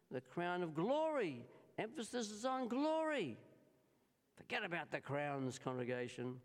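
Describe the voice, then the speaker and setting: An Australian man delivers a sermon at an unhurried, measured pace. His pitch rises and falls in an animated way as he leans on key words and calls out to the congregation. A long reverb hangs on his voice, as in a reverberant church hall. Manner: slow and deliberate, stressing key words and repeatedly addressing the congregation. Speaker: preacher.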